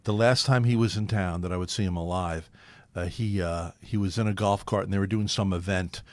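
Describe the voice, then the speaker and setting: A man's voice: sits low, brisk, no room sound. A man who hosts a local talk radio show, telling a rambling anecdote in casual conversation and acting out other people's lines along the way. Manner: animated, rambling, acts out other people's voices.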